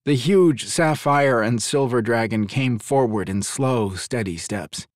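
A man narrating an audiobook in an expressive, scripted storytelling style. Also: mid-range voice, measured pace, no echo, studio quality.

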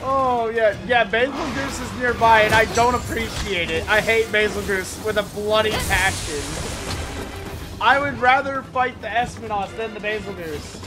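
A woman streamer giving excitable, chatty live gameplay commentary, breaking into mock-outraged rants. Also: medium pitch, normal speed. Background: game music.

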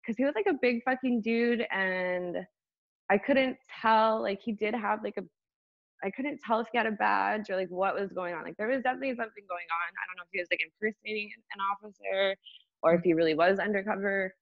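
A young woman, a podcast guest, telling a story casually with lots of fillers and animated retellings. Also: mid-range voice, a little fast, gravelly, dry recording. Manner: animated, lots of fillers, acts out voices in anecdotes. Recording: dull, slightly lo-fi dry sound.

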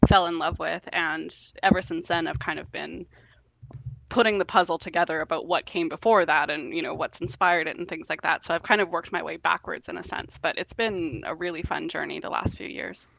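A woman, a guest on a podcast, reviewing an album in a relaxed, casual chat full of ums. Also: sits low, fairly quick, creaky, low-quality recording. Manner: relaxed, hesitant with frequent ums.

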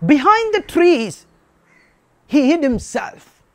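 A man's voice: extremely high pitch, very animated, slow, a bit bright, no echo. A man preaching a sermon, emphatic and repetitive, asking rhetorical questions.

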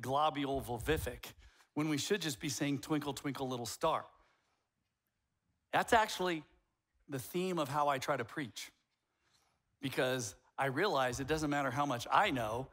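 Preaching casually as a pastor, a man with a slightly high voice acts out his examples. His sermon swings between quiet asides and loud outbursts, keeping a conversational feel.

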